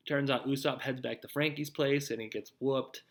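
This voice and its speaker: A man's voice: mid-range voice, steady tone, normal speed, creaky. A young man hosting his own show, giving a rambling, casual recap of anime episodes, full of "like" and "dude". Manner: laid-back, rambling, heavy on "like" and "dude". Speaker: show host.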